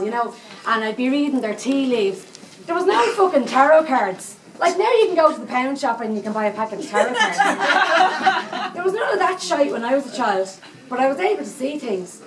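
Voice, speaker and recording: Woman doing a cheeky swearing 78 yr old dublin granny psychic, dublin accent, bit high, echoey room far from the mic. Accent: Dublin Irish. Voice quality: salty, swearing constantly, chatty asides. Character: brash foul-mouthed 78-year-old Dublin psychic woman. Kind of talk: live stage comedy monologue. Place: live venue stage.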